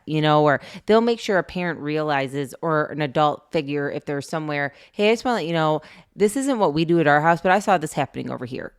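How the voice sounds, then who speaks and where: A middle-aged woman co-hosting a parenting podcast, telling stories in a casual, animated way and laughing often. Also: sits low. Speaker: podcast co-host. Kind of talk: casual chat.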